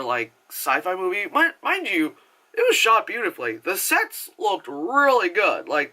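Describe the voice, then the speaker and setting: Man, casual movie review rant, rambling, swears a lot, somewhat high voice. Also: sharp tone. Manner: rambling, profane and chatty, full of filler words; acts out characters' lines in exaggerated voices.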